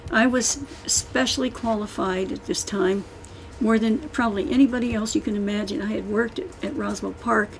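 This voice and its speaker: A woman's voice: medium pitch, fairly even intonation, normal speed, vocal fry, a little hiss or hum, low-quality recording. An older woman, an author, talking casually and emphatically to an audience, rambling and restarting as she goes. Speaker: author giving a book-signing talk.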